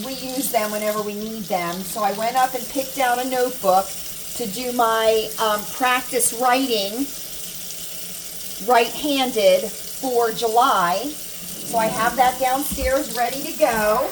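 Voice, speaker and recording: Slow, chatty American woman at home. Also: fairly high pitch. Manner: chatty, animated storytelling with repetitions. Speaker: vlogger. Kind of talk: casual chat to camera. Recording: distant mic with faint room noise.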